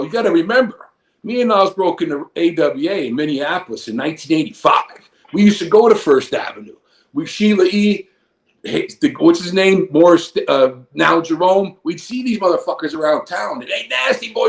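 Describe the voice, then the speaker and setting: A man in his fifties, a former wrestler, telling a long rambling story full of profanity. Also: on the high side. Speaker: guest, former pro wrestler. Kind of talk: casual storytelling. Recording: echoey room.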